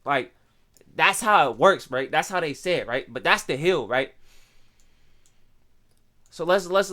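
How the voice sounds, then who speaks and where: A man's voice: high-pitched, fairly bright tone. A young man from Pittsburgh with a local accent, casually explaining things to his stream viewers in loose street slang and often checking in with "right?".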